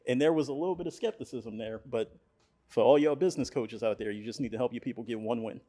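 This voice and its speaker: A man's voice: medium pitch, fast, warm tone. A man who is a guest on a business podcast, talking in an emphatic, preachy way and often tagging his points with "all right?". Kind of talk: casual podcast conversation.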